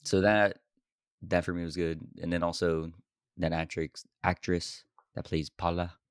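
A man with a very low voice talks through a movie with a friend in easygoing podcast chat. He laughs often and keeps things loose and casual. The sound is close and dry, with no room echo. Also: level tone, unhurried, clean tone. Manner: laid-back, laughs often, says bro. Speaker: podcast co-host. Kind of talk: casual film discussion.

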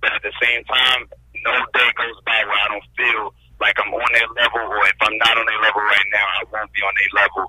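A rapper being interviewed, answering in a measured, earnest way. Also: male voice, lowish voice, flat delivery, background noise. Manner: measured, earnest, repeats "you know what I'm saying". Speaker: rapper guest.

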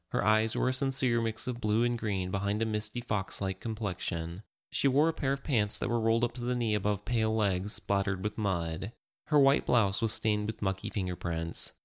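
Low-voiced male audiobook narrator.

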